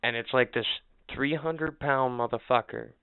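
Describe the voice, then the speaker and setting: A man co-hosting a podcast, telling stories in casual chat, animated and profane, acting out what others said. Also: medium pitch, normal speed, vocal fry, clean tone. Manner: animated, profane, acts out quotes. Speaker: podcast co-host. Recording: tinny phone-like sound.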